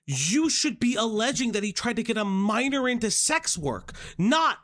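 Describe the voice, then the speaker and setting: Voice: mid-range voice, very animated, moderate pace, a bit bright. A streamer giving live reaction commentary, ranting with heavy profanity and exasperation.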